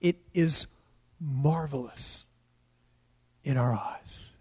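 A middle-aged man preaching a sermon, emphatic and building to loud declarations. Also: mid-range voice, very slow, slightly rough. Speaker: pastor.

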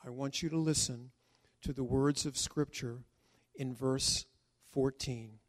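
A male pastor preaching a sermon emphatically, with dramatic pauses and stretched words. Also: medium pitch, steady tone.

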